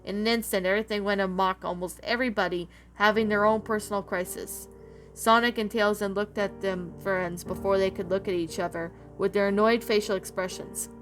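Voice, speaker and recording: A woman's voice: medium pitch, a little fast. Woman reading a story over music. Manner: plain, steady reading with small slips. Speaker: story reader. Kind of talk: storybook narration. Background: background music.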